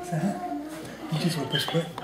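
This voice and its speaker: A woman at a family gathering, talking softly to a baby. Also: low-pitched, wildly swooping pitch, fast. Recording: roomy home video with background noise.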